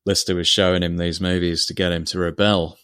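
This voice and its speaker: A man's voice: deep voice, level tone, brisk, fairly bright tone, clear, resonant tone. A man co-hosting a podcast, chatting casually as he retells TV scenes and acts out quoted lines. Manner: retells scenes, acting out quotes in put-on voices. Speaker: podcast co-host. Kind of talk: casual chat recapping a TV episode.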